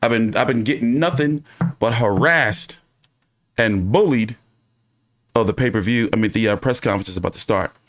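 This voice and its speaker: A man's voice: medium pitch, normal speed. A man hosting his own boxing channel, talking casually and ranting with lots of swearing. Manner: profane, animated, ranting. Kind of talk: casual livestream commentary.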